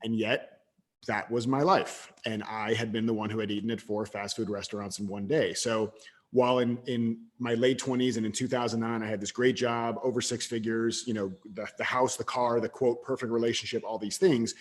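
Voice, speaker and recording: This podcast guest, a thirtysomething man, recounts an episode from his own past with lots of animation. His voice sits in the middle range, and he talks casually, jumping into louder bursts and stumbling back to restart.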